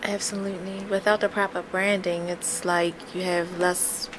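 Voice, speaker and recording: A woman chatting as a guest on a radio show, emphatic and quick to agree. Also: fairly low pitch, level tone, noisy background. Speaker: guest artist. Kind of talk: casual radio chat.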